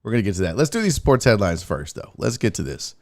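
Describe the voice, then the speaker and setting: A man hosting a sports livestream, talking casually and firing off quick shout-outs to viewers in the chat. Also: lowish voice, sing-song. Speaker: sports show host.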